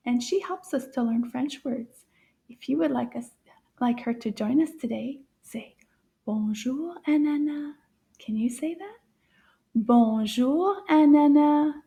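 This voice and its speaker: A woman teaching a children's French lesson in a gentle, encouraging way, often dropping into soft asides. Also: sits high, breathy edge.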